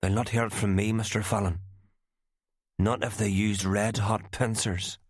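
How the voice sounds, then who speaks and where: A man voicing an adoring young woman who speaks in an eager, breathy way, read as an audiobook. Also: lowish voice, level tone, unhurried, dry recording, clean studio sound.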